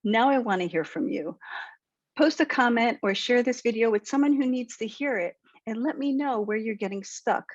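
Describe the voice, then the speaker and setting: A woman's voice: on the high side, moderate pace, no echo, dull audio. A woman coaching her viewers directly, talking in an assertive, encouraging way and walking through everyday examples. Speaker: speaker and confidence coach. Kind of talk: direct-to-camera tip video.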